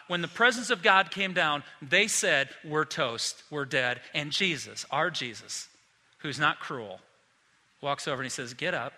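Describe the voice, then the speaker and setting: Animated man preaching in a reverberant hall. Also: on the high side. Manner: animated, acts out the disciples in quick asides. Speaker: pastor. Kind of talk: sermon.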